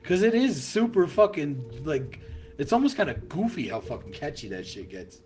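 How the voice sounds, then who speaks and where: A man co-hosting a podcast in casual chat, excitable and profane, laughing often and tripping over his words. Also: fairly high pitch, normal speed, faint music behind. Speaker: podcast co-host.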